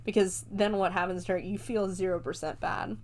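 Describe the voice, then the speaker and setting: A woman hosts a podcast where she recaps a film in a chatty, rambling way, swearing casually and laughing often. Her medium-pitched voice is fairly quick with a darkish tone.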